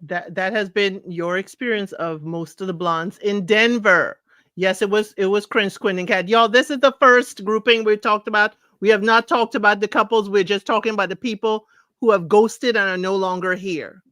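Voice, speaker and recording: A woman's voice: mid-range voice, steady tone, moderate pace, fairly bright tone, dry recording. A woman co-hosting a reality TV recap chat, blunt and sassy in her commentary. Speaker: co-host of a reality TV recap show. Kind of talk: casual chat.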